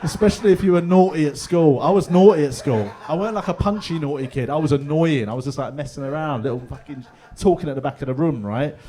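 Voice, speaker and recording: London comedian telling stories in a pub. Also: male voice, a little high, fast, few pauses, dark tone. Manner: chatty, swears, does voices of others. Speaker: stand-up comedian. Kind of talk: stand-up comedy. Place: pub stage with live audience.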